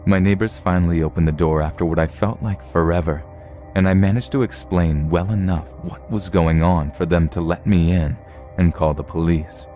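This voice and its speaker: A man narrating true horror stories in a steady, measured storytelling read. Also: low voice, faint music behind.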